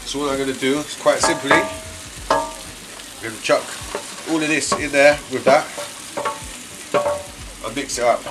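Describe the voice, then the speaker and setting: A man talking through a recipe step by step as he cooks, in a relaxed casual way. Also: medium pitch, unhurried, long pauses, far from the mic. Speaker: home cook host. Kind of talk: casual cooking demonstration. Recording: roomy kitchen from off-mic, with noise.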